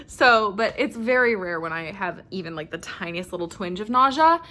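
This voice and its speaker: A young woman chatting casually on a phone camera at home, giggly and full of fillers, at times dropping to a soft murmur. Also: medium pitch, normal speed. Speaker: vlogger. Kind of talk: casual vlog chat.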